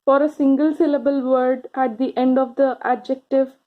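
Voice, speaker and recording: A woman teaching grammar to children, speaking slowly and encouragingly, stretching out key words and pausing for answers. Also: sits high, flat delivery, phone-quality sound. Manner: slow, encouraging, drawn-out words with pauses for answers.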